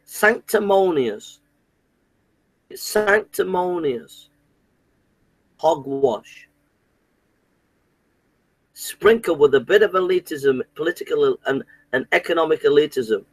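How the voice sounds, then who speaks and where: A man's voice: a little high, expressive, takes it slowly, pauses often, no room sound, low-quality recording. A man delivering an indignant, repetitive political rant, often restarting his sentences. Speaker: political commentator. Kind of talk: impassioned monologue to camera.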